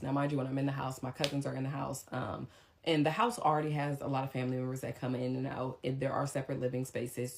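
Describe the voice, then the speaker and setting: A young woman casually retelling a personal story, rambling and animated, with frequent ums. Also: extremely low pitch, gravelly. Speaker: storyteller vlogger.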